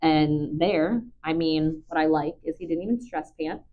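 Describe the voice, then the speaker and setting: A woman's voice: deep voice, normal speed, slight background noise. Woman, dog trainer, patient, rambling, lo-fi recording. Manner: calm, patient, chatty with ums. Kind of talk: live dog training commentary. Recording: dull lo-fi recording.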